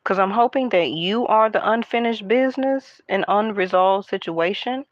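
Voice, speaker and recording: A woman doing a casual tarot card reading, talking in a hushed, half-whispered, chatty way to her viewers. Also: medium pitch, moderate pace, dry recording, lo-fi sound. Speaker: tarot reader.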